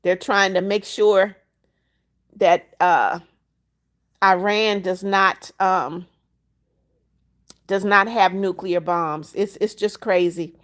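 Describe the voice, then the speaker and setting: A woman's voice: mid-range voice, steady tone, slow pace, long pauses, fairly bright tone. A woman in her seventies hosting a casual livestream, greeting viewers by name and blessing them in a blunt, motherly way. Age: 70s. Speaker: livestream host. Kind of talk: casual livestream chat reading viewer comments.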